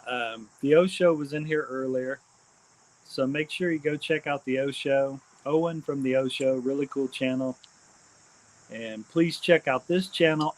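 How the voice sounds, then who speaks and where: A man hosting a casual live stream, rambling and repeating his shout-outs with many ums and uhs. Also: medium pitch, rough recording. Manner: hesitant, frequent ums and uhs.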